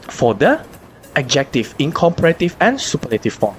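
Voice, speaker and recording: A woman teacher, explaining grammar in an online lesson, spelling out letters slowly and asking rhetorical questions. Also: a bass voice, sing-song, darkish tone, soft background music. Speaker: English teacher.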